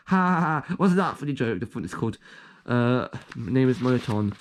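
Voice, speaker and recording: A man's voice: mid-range voice, brisk. A young man casually reading out his own joke documents, rambling and trailing off with self-aware asides. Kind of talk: casual commentary.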